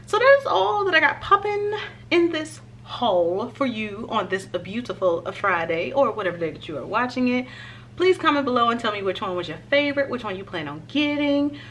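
A woman's voice: fairly high pitch, a little hiss or hum. Chatty woman vlogger talking to viewers. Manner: chatty and expressive, talks straight to viewers. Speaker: fashion vlogger. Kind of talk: casual try-on haul chat.

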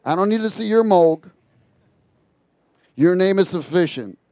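A man preaching an informal sermon on a psalm in an animated, mocking way, laughing at his own asides. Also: high-pitched, unhurried, dry recording.

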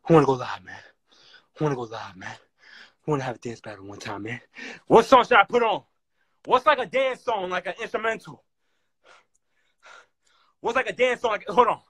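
A man talking to viewers on a live stream, loud and excitable, hyping up a dance battle. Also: sits high, fairly quick, long pauses, husky, no room sound. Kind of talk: casual live-stream chat. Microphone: phone mic on a live stream.

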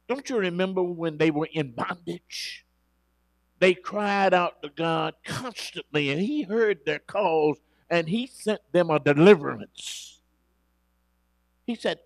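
A man preaching a sermon, animated and swinging between loud emphasis and quiet asides. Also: high-pitched, takes it slowly, gravelly, no room sound, clean studio sound. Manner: acts out quoted scripture speakers dramatically.

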